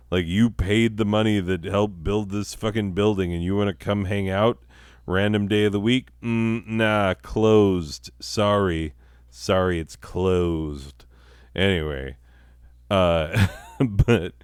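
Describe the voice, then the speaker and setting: A man's voice: lowish voice, a little slow, a little mellow, clean tone, dry recording, studio quality. A man hosting a comedy podcast, delivering a profane, sardonic satirical monologue and laughing at his own jokes.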